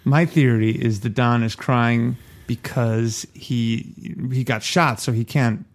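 Joking male podcast co-host. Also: medium pitch. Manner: joking, quick deadpan quips. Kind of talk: casual chat.

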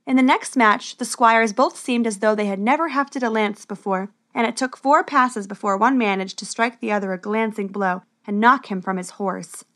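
A woman's voice: mid-range voice, moderate pace, hardly any pauses, fairly bright tone. Woman reading a storybook aloud. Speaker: narrator. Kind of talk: storybook narration.

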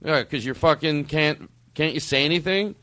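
A middle-aged man hosts a loose comedy conversation with an animated, storytelling delivery. He swears freely and jumps into little acted-out quotes as he talks. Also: on the high side, normal speed, no room sound. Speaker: podcast host. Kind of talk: casual comedic chat.

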